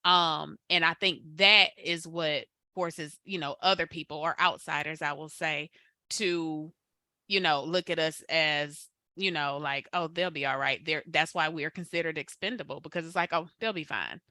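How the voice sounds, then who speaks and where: A woman on a discussion panel, making her points in a measured, thoughtful way. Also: sits low, fairly even intonation, bright, forceful tone, no echo, studio quality.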